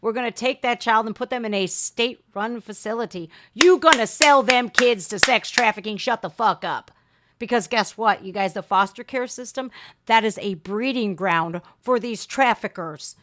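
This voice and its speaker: A woman hosting a livestream reaction show, talking in a fiery, profane way with loud outbursts. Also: on the high side, moderate pace. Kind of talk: heated reaction commentary.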